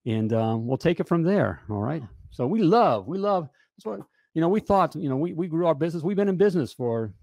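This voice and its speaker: A man coaching plumbers in a casual, joking sales pitch, often checking in with "all right?". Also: lively intonation, fairly quick, vocal fry, a little mellow, no room sound, clean studio sound. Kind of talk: casual promotional pitch to camera.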